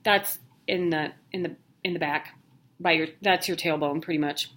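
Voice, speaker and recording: With a low-pitched, steady, fairly bright voice at a moderate pace, a thirty-something vlogger chats candidly to the camera about her health news. She sounds worn out but keeps up the jokey asides.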